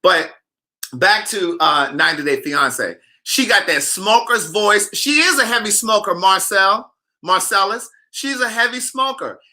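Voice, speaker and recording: A man's voice: sits high, animated, unhurried, bright, forceful tone. A man hosting a casual, sassy gossip chat and reading out viewer comments as he talks. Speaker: author hosting a live chat.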